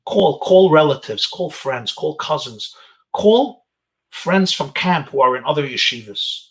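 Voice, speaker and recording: A man with a somewhat high voice gives an inspirational talk to teenage boys over a webinar. He speaks as a rabbi, telling stories in an animated way and sprinkling in Yiddish and Hebrew phrases. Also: unhurried. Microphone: webinar video call.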